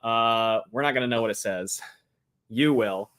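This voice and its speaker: A man's voice: medium pitch, a little slow, a bit bright. A man co-hosting a podcast livestream, explaining game rules casually with many fillers and restarts. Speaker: podcast co-host.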